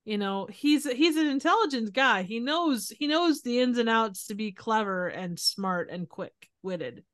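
A woman's voice: a little high, expressive, a little slow, a bit bright. A woman co-hosting a podcast, chatting casually and making emphatic points. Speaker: podcast co-host. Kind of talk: casual chat.

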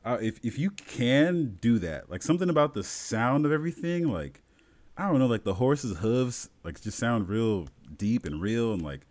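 A young man talking casually and excitedly about a video game, full of fillers and restarts. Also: medium pitch, moderate pace. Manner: excited, filler-heavy, rambling storytelling. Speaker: gamer friend in a podcast chat. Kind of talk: casual chat.

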